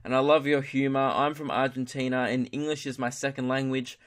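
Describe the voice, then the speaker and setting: A young Australian man hosts a solo comedy podcast in a mid-range, level-toned voice, speaking a little fast. He rambles, jokes at his own expense, swears freely and uses broad slang.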